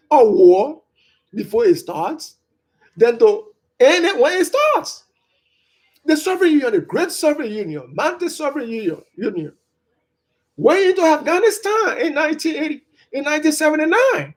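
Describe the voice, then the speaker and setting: Brief: political commentator, high voice, very animated pitch, punchy stresses. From Liberia. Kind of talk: opinion commentary.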